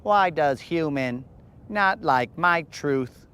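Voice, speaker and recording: A man voicing an emotionless male robot that talks in a slow, stiff, literal way. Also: fairly high pitch, expressive, fairly bright tone, smooth. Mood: mechanical.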